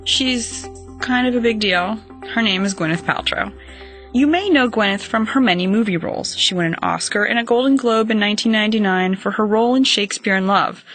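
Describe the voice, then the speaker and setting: A woman hosting a talk podcast. She is playful and quick to laugh, and her voice sits at an ordinary middle pitch. It carries the loose, joking tone of a casual chat. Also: fairly bright tone, dry recording. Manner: playful, laughs easily, jokes with co-host. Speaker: podcast host.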